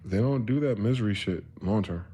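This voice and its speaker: A man in his thirties giving a rambling, profane live-stream monologue, moving between quiet musing and loud ranting. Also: on the low side, brisk, breathy edge.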